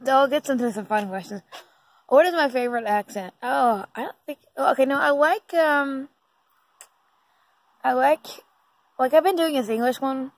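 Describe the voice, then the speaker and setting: A woman's voice: sits high, normal speed, long pauses, rough recording. A woman talking casually to her phone at night, rambling and giggling with lots of fillers. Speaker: vlogger. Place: indoors at night.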